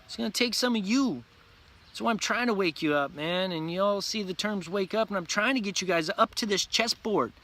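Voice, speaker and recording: A man rants to his viewers in an intense, profane vlog monologue, repeating himself and preaching hard. His voice sits high for a man. The tone is bright and forceful. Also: moderate pace. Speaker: vlogger.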